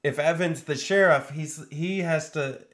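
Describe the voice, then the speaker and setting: A young man co-hosting a podcast, chatting in a relaxed, agreeable way and chiming in with his own take. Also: on the high side, a little slow. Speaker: podcast co-host. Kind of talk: casual chat.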